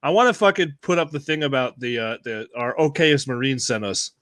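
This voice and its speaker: A man co-hosting a podcast, excitable and profane in casual banter. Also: medium pitch, fairly quick, no room sound, clean studio sound. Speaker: podcast co-host.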